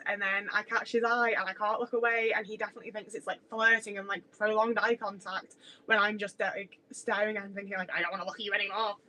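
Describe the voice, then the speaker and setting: Young woman, casual livestream chat, rambling, sweary, self-deprecating, middle pitch. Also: sharp tone, slight background noise, poor audio. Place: home kitchen.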